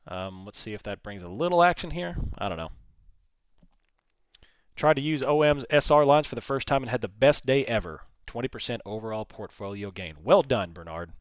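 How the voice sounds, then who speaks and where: Speaking a little fast with a smooth, lively medium-pitched tone, this livestream trading host coaxes the chart along as he narrates it and replies to chat. The recording is dry.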